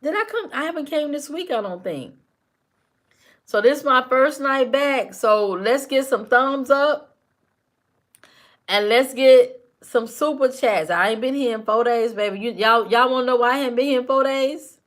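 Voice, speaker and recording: A woman's voice: high-pitched, normal speed. A woman hosting a casual live stream, talking back to her chat commenters by name with teasing, repetitive banter.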